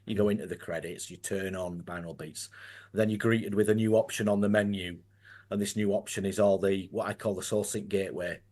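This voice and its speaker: A man's voice: fairly low pitch, fairly even intonation, brisk, darkish tone. A man with a Yorkshire accent talking as a guest in a casual conversation, earnest and rambling, often restarting his sentences.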